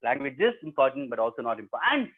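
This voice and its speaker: An Indian man telling a children's story to an audience in a lively, sing-song, interactive way. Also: medium pitch, rapid-fire, slightly rough. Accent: Indian English. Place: at home on a webinar. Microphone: video call. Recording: tinny video call audio.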